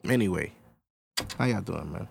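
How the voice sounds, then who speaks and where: A man's voice: low-pitched, expressive, moderate pace, vocal fry, noisy background. A man hosting his own podcast, ranting casually and profanely straight to his listeners. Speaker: podcast host. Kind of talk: casual solo podcast rant.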